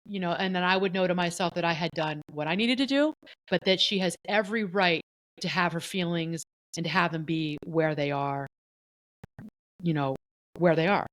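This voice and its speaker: A middle-aged woman co-hosting a podcast, telling a personal story in a candid, animated way and acting out what others said. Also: fairly low pitch, normal speed, no echo, poor audio. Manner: candid, animated, often voices the people she quotes. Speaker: podcast co-host.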